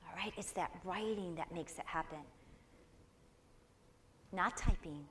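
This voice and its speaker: A woman giving a live inspirational talk at a spiritual center, lively and encouraging, prompting the audience to answer back. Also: on the low side, unhurried, slight background noise.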